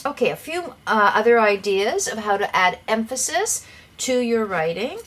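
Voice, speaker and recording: A woman teaching English writing in a clear, measured lesson, giving direct advice to the viewer. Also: on the high side, sing-song, a bit bright. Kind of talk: lesson explaining writing tips.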